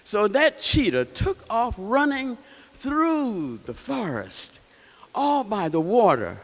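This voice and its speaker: A man telling a folktale to a live audience in an animated way, asking them questions as he goes. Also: high voice, slow pace, big-room sound. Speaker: storyteller. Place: event hall.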